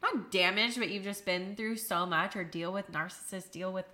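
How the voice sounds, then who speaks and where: A woman's voice: medium pitch, steady tone, moderate pace, pushed and bright. A young woman chatting casually as a podcast co-host, filling her talk with "like" and laughing often. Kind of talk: casual chat.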